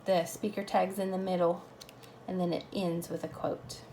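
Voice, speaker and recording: A woman teaching a grammar lesson, explaining punctuation slowly and patiently. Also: lowish voice, flat delivery, warm tone, a little hiss or hum.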